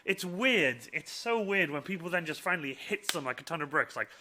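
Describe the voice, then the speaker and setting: A man hosting a casual live-stream Q&A, excitable and laughing often as he acts out quoted voices. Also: fairly high pitch, a little fast, a little hiss or hum.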